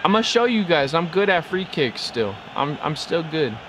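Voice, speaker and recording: A young man chatting excitedly over his own football video game, talking to the players on screen as he plays. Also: fairly high pitch, moderate pace, noisy background. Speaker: gaming video creator. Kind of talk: live gameplay commentary.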